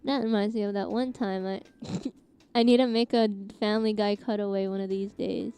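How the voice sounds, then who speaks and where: A woman's voice: mid-range voice, fairly even intonation, brisk, mellow, smooth, soft background music. A young woman from Canada chatting casually with her live-stream chat, giggling often and reacting to messages.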